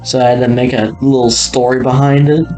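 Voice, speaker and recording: A man's voice: medium pitch, flat delivery, a little fast, mellow, soft background music. A man giving a casual, rambling walkthrough, laughing often and trailing off mid-sentence. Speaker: video creator touring an old game world.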